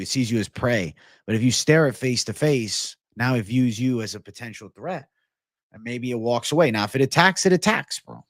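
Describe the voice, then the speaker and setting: Young male MMA stream host, laid-back bro talk with profane outbursts, mid pitch, dead-dry room. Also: a little fast, no room sound. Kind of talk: casual livestream chat reading comments.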